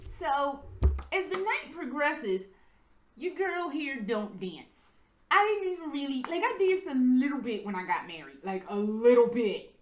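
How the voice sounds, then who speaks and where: A young American woman casually telling a story at home, profane and animated, acting out the people she quotes. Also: sits high, roomy sound. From United States. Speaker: vlogger. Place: her apartment.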